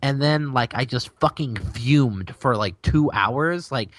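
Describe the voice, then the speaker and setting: A young man on a podcast who rants in frustration and swears freely. His voice sits at an ordinary pitch, recorded close and dry with no room sound. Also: slow, fairly bright tone, dry recording. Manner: angry ranting, heavy swearing. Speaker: podcast co-host. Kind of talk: casual chat.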